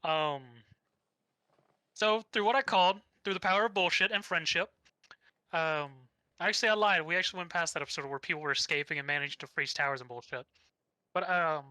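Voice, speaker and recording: A man's voice: fairly high pitch, sharp tone, smooth, no echo, low-quality recording. A young man co-hosting a podcast, rambling through a casual anime recap with easy swearing. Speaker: podcast co-host.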